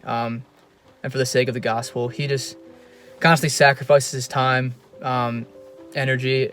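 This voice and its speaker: A young man giving a heartfelt recorded tribute to a friend, earnest and halting, with many ums and restarts. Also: mid-range voice, fairly bright tone. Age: young adult. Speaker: college student giving a tribute.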